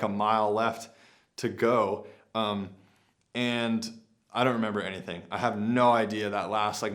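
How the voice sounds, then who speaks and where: A man's voice: fairly low pitch, a bit bright. Rambling young man telling a story. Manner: rambling, many "like" fillers and restarts. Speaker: vlogger. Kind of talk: casual storytelling.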